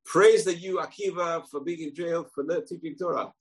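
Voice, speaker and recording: A man's voice: on the high side, moderate pace, husky, voice pushed up. A man voicing a jailed nephew who reproaches himself. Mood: rueful. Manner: self-reproaching.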